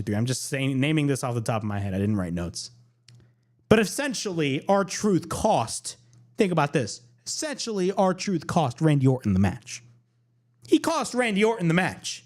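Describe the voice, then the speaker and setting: A man hosting a podcast, recapping a wrestling show off the cuff in a lively, unscripted way and repeating lines for emphasis. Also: medium pitch. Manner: animated, repeats himself for emphasis. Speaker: podcast host.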